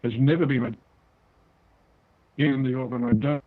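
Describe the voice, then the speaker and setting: An older man with a New Zealand accent speaks in a deliberate, explaining way, as a guest being interviewed. His voice sits at an ordinary pitch for a man. It comes through a narrow, tinny phone line. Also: steady tone. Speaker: guest author.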